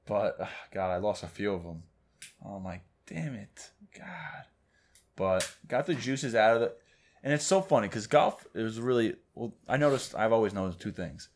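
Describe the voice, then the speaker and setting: A man's voice: fairly low pitch, lively intonation, a little fast. A man co-hosting a podcast in casual chat, chatty and teasing, saying "dude" a lot. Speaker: podcast co-host.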